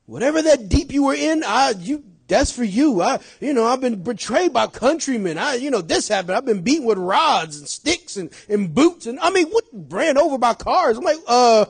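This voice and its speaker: A middle-aged man preaching to his church with a high voice. His pitch swings a lot as he jumps between shouted points and low, chatty asides, with frequent laughs. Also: animated, moderate pace, few pauses, breathy edge. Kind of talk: sermon.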